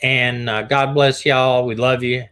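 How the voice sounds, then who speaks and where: A man's voice: mid-range voice, flat delivery, unhurried, a bit bright, clean tone. A man hosting a casual live stream, rambling and folksy. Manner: rambling, unprepared, folksy sign-offs. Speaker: live-stream host, retired detective.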